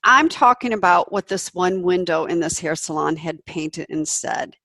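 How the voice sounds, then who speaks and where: A woman's voice: lowish voice, lively intonation, normal speed, pushed and bright, no room sound. Candid, emphatic middle-aged woman. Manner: candid and emphatic, swears freely. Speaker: podcast host. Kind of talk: personal reflective monologue.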